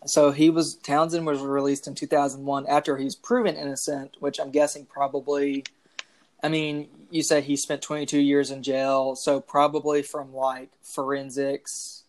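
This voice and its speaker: A woman's voice: deep voice, little pitch movement, normal speed, darkish tone. A woman co-hosting a casual true-crime podcast, rambling with many fillers. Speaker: podcast co-host.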